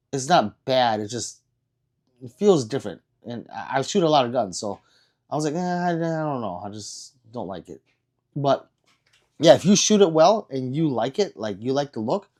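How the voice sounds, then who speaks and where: This casual livestream features a male host who replies to viewer comments as he reads them, talking in a meandering, self-deprecating way with frequent false starts. He speaks at an ordinary middle pitch with a slightly mellow tone.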